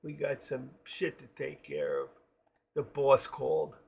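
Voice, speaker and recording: A man voicing a brash, swaggering male mobster with a gruff New York accent and profane street talk. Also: medium pitch, very animated, a little slow, slight background noise. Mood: menacing. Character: tough-talking adult male mobster, brash.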